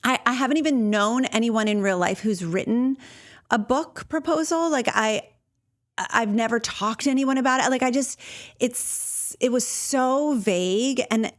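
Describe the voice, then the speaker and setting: A woman's voice: on the high side, unhurried. A middle-aged woman hosting a solo podcast, talking candidly and earnestly, with many fillers and restarts. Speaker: podcast host. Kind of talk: casual solo podcast talk.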